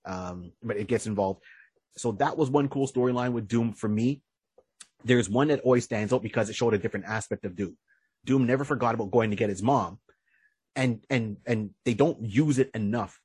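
A man's voice: medium pitch, normal speed, a little mellow, slightly rough, no room sound. A man co-hosting a podcast in casual chat, animatedly retelling stories and acting out characters' lines. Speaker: podcast co-host.

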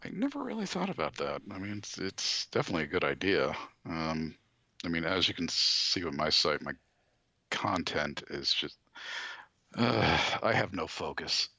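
A man with a very low but bright voice whose pitch swings widely as he rambles. He talks hesitantly, full of fillers and restarts, and sounds dry and close-miked. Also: sing-song, normal speed, creaky, dry recording. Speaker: guest, toy and comics reviewer. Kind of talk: casual conversation.

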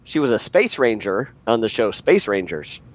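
A man's voice: lowish voice, big pitch swings, moderate pace. A man co-hosting a podcast in casual chat over an online call, wry and opinionated. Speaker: podcast co-host.

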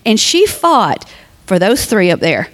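A woman's voice: medium pitch, huge pitch swings, a little slow. A woman speaking at a funeral, giving a heartfelt, conversational eulogy that moves into a sermon and turns to the family directly. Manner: reads scripture aloud.

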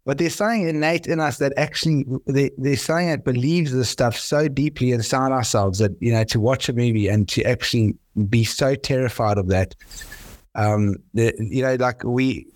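A man chatting casually on a podcast, halting and searching for his words. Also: medium pitch, no echo.

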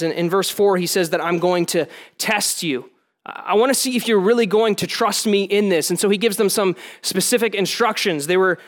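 A man with a fairly high voice preaches to his congregation. He talks plainly and conversationally, and he slips in casual asides between points. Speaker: pastor. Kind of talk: sermon.

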